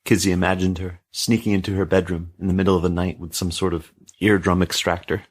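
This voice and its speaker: A man narrating a story in a steady, measured reading voice. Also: deep voice, husky.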